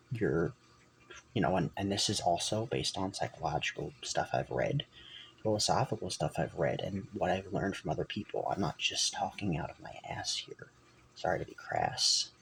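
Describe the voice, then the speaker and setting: A man's voice: low voice, creaky, fairly bright tone, slight background noise, poor audio. A man talking on his own channel in a meandering, self-correcting way, sometimes dropping almost to a whisper. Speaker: channel host. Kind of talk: rambling personal vlog talk.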